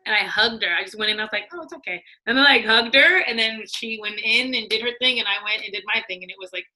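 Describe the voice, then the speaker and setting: A middle-aged woman, a former studio executive, telling lively stories in casual conversation, acting out what people said and laughing often. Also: fairly high pitch, fast talker, low-quality recording. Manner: animated, acts out quotes, laughs often. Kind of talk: casual storytelling.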